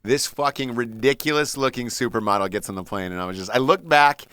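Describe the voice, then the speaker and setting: A man hosting a podcast, telling a casual story in a profane, animated way and acting out the people in it. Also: medium pitch, fairly quick, smooth. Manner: animated, profane, acts out the people in his stories. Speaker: podcast host.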